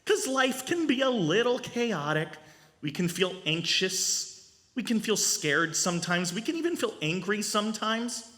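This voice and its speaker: A male rabbi giving a storytelling sermon at a family service, animated and asking the audience questions. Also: high-pitched, a little slow. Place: synagogue sanctuary. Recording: long reverb in a large hall.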